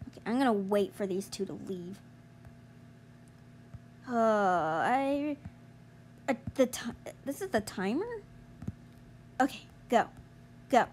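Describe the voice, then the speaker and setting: Young woman gamer groaning thru a game she hates, high voice that jumps all over. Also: lively intonation, slow, long pauses, a little hiss or hum. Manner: exasperated, groaning, yelling at other players. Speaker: gamer streamer. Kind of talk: frustrated gameplay commentary.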